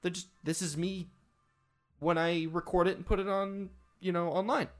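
A man co-hosting a casual podcast chat, animated and rambling, with many restarts. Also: sits high, normal speed. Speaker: podcast co-host, streamer.

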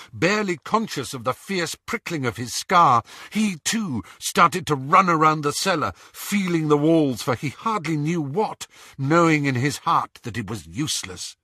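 Slow, expressive male audiobook narrator. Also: on the high side, dry recording, clean studio sound. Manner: expressive, dramatic reading. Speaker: audiobook reader.

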